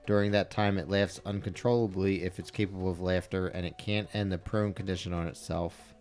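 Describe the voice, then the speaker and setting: A man's voice: deep voice, little pitch movement, fairly quick, a little mellow, soft background music. A man playing a tabletop game, reading spell rules aloud and checking distances. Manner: reads spell rules aloud, asks questions. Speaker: player.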